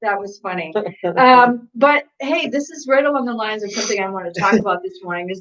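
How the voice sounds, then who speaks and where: A woman's voice: a little high, a little fast, a bit bright. Woman fitness coach, chatty and giggly, easy rambling delivery, heard from a distance on muffled lo-fi audio. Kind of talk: casual livestream chat. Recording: distant, dull lo-fi sound.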